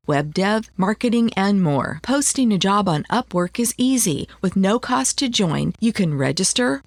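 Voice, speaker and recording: A woman reading a radio ad in an even, upbeat voice. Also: mid-range voice, dry recording. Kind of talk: read radio ad.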